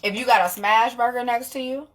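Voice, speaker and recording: A young woman, talking straight to camera in a casual vlog, blunt and animated, swearing freely and laughing often. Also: on the high side, a little fast. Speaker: vlogger.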